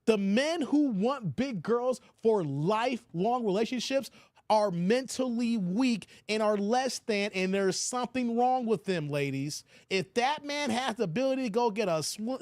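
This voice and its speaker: A man's voice: sits high, no room sound. A man hosting his own channel, giving blunt, preachy livestream commentary. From United States. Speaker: channel host.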